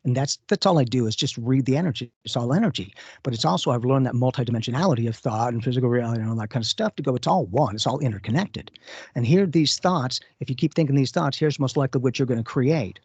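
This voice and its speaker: A man co-hosts a radio talk show as a psychic medium, telling stories casually and acting out the voices of the people he quotes. His mid-range voice is husky and somewhat dark, animated and quick. The recording is dry, with dull lo-fi radio quality.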